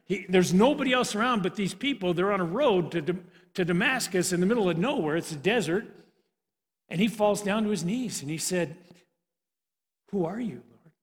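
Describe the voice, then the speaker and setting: A male preacher retelling a Bible story in an animated sermon, often restarting his sentences, in a church. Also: high voice, fairly quick. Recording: reverberant hall.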